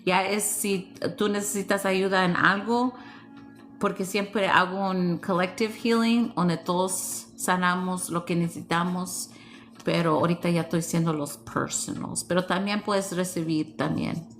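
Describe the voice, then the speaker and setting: A woman's voice: on the low side, fairly even intonation, moderate pace, soft background music. A woman hosting a casual livestream, reading chat and giggling often, switching between English and Spanish in a playful, teasing way.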